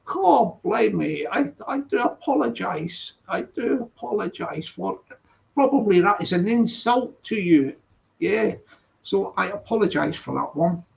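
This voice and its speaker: A man rambles through a casual live-stream chat, stopping to read the chat and correct himself. His voice sits high and has a gravelly edge. The recording sounds dull and lo-fi. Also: animated, measured pace. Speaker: channel host.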